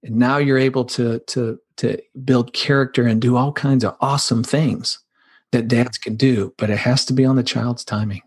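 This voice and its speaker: A man's voice: medium pitch, fairly even intonation, normal speed, breathy edge. A man as a podcast guest, earnestly explaining blended family life with vivid everyday images. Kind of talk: conversational podcast advice.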